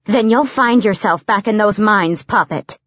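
Young woman assassin, defiant, sharp-tongued, dry dull recording, read by a woman. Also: medium pitch, measured pace, dry recording, pitched above the performer's own voice.

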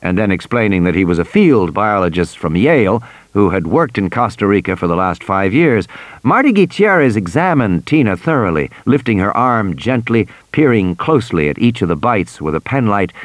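A man narrating an audiobook in an expressive storytelling manner. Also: fairly low pitch, normal speed, no echo. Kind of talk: scripted narration.

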